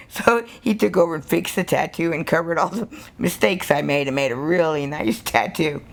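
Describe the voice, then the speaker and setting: An older American woman, a tattoo artist, telling stories in an interview, animated and laughing as she acts out what people said. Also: on the low side, moderate pace, creaky. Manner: animated, laughing storyteller who acts out quotes. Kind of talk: storytelling interview.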